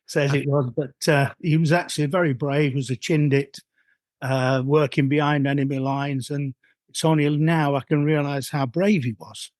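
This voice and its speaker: A man's voice: on the high side, fairly even intonation, darkish tone, no echo. Older yorkshire guy telling old football stories, lots of restarts, dry close sound. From Yorkshire, England. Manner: rambling, halting, many restarts. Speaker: former footballer, guest. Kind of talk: interview storytelling.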